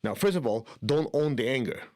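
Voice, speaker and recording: A man giving a spiritual healing lesson at a middle pitch, talking to his listeners in a relaxed, conversational way. He keeps checking whether they follow and slips into short acted-out inner monologues. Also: brisk. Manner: acts out inner dialogue in quoted asides. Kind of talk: instructional talk on spiritual healing.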